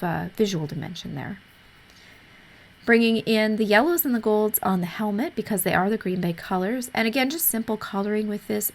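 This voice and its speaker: Woman, slightly hoarse, easygoing, tutorial voice-over, close mic. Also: mid-range voice. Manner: easygoing, explanatory, with frequent fillers. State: losing her voice. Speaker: art tutorial host. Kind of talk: voice-over narration of a coloring tutorial.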